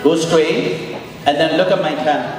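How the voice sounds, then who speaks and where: Distant, echoey riding instructor, high-pitched man. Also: steady tone, measured pace, over music. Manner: non-native phrasing, repeats key words, acts out riders' calls. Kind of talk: horseback demo clinic. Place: riding arena. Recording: echoey arena, voice from far off.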